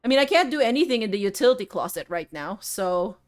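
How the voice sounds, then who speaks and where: A woman's voice: medium pitch, sing-song, quick pace. A woman streaming a puzzle game live, talking to her chat as friends in a melodramatic way. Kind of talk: live-streamed gameplay commentary.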